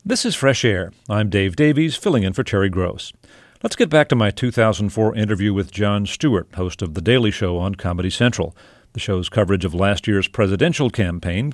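A man with a fairly low voice hosts a radio interview. His pitch moves expressively while he keeps a measured, conversational pace. The sound is dry and close to the mic. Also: no echo. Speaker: radio host.

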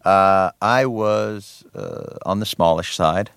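A man from New Jersey, a guest in a radio interview, talking with a wry, sardonic edge and lots of quick restarts. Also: low-pitched, vocal fry, fairly bright tone, smooth, dry recording, studio quality. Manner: many restarts and fillers. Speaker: interview guest, comedy show host.

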